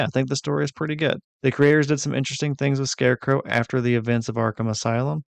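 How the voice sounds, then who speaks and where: A man recapping and commenting on a video game's story, first in a punchy announcer manner and then in easier, relaxed talk. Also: mid-range voice, gravelly, dry recording. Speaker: gaming video creator. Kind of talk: high-energy announcer-style recap.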